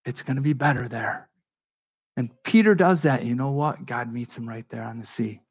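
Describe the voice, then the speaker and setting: A man's voice: mid-range voice, moderate pace, breathy edge. A man preaching a sermon as pastor, talking in a conversational but emphatic way, with restarts and asides to his congregation. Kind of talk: expository sermon.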